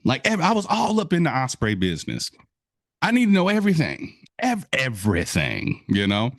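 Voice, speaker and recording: A man speaking to an audience in an animated storytelling style, often jumping up in pitch as he acts out his own amazement. He talks in a middle register, and the sound is dry and close with no room echo. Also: moderate pace. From Wisconsin, USA. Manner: addresses audience as folks and y'all. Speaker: guest speaker. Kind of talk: inspirational talk to an audience.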